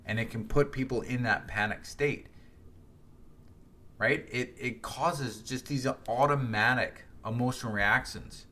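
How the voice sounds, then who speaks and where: A middle-aged man hosts a solo podcast in a reflective, conversational manner. His voice is bright and sits at an ordinary pitch for a man. He often restarts his sentences and checks in with the listener. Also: measured pace. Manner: conversational, frequent "right?" and restarts. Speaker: podcast host.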